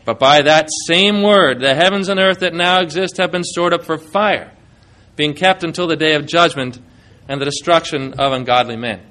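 A man's voice: fairly high pitch, moderate pace, pushed and bright. A male pastor preaching a sermon, reading scripture aloud and putting questions to his congregation, with dramatic rises and drops in his delivery.

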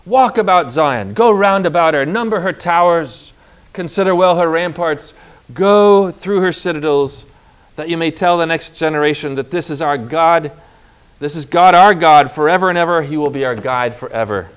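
A man's voice: fairly high pitch, normal speed, smooth. A man preaching a sermon with emphatic delivery, stretching out key words and calling on the congregation to repeat phrases.

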